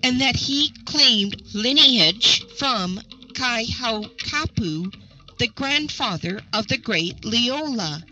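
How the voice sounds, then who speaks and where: A gentle, ponderous giant, read by a woman. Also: fairly high pitch, expressive, slow pace, heavily acted, poor audio. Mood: mournful. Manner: ponderous but not unpleasant tone. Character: gentle young male giant, sorrowful. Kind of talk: storybook reading.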